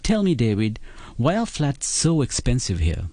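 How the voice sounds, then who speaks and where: A man's voice: mid-range voice, huge pitch swings, normal speed, dark tone, dry recording. A man voicing the reserved young newcomer who narrates his short story, in his own voice. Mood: guarded.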